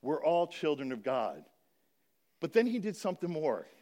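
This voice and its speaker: A man speaking to a church congregation about a children's charity, explaining and slowly reading scripture aloud in an earnest manner. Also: on the high side, big pitch swings, dark tone.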